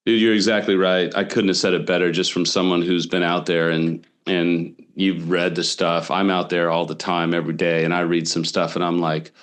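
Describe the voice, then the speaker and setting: A man with a low, resonant voice hosts a podcast interview. He talks in a casual, emphatic way, leaning into his points with slangy warmth. His tone is clear and smooth throughout. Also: level tone, normal speed, hardly any pauses. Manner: casual, emphatic, says "dude". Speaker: podcast host.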